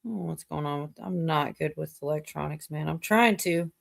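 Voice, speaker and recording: A woman's voice: low-pitched, moderate pace, gravelly. A woman hosting a casual livestream chat, rambling with lots of fillers and frequent laughter. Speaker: livestream host.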